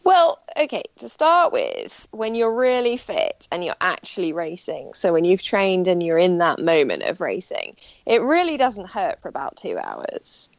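A woman guest on a podcast, explaining earnestly in a low, gravelly voice that swoops widely in pitch. The sound is dry and somewhat dull and lo-fi. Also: huge pitch swings, a little slow, no echo. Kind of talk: casual podcast chat.

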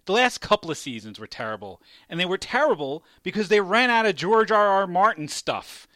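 Man, high voice, rambling casual chat, animated, swears, dry close mic. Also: brisk, no room sound.

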